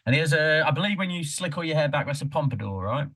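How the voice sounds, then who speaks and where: A man's voice: on the high side, animated, fast, a bit bright, no echo. Playful, teasing man on a dry mic. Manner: playful, teasing, swears freely. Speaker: podcast co-host. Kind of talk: casual podcast chat.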